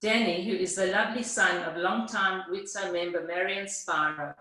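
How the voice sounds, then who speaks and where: A woman's voice: lowish voice, steady tone, normal speed, sharp tone. A woman hosting an event, reading a formal scripted introduction of the guest speaker. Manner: formal, read-aloud delivery. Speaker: event host. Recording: heavy room echo.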